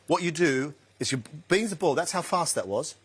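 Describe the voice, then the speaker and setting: A middle-aged man, a chef, chatting relaxed while he cooks a dish live in a TV studio kitchen. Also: fairly high pitch, brisk, breathy edge. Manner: chatty, relaxed, talks to the pan. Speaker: guest chef. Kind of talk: cooking demonstration on TV.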